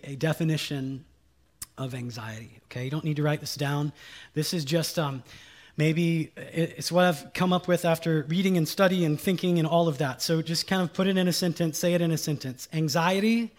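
A male pastor preaching a sermon with a somewhat high voice. He leans on key phrases and says them twice, and he drops folksy asides. He keeps firing questions at the congregation. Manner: emphatic, repeats key lines, quizzes the congregation.

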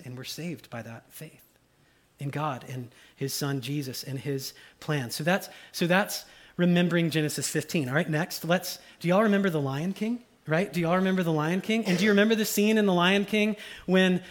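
Middle-aged pastor, relaxed conversational preaching, high-pitched. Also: male voice. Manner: casual, conversational preaching with many asides; acts out voices of the people in his stories. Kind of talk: sermon.

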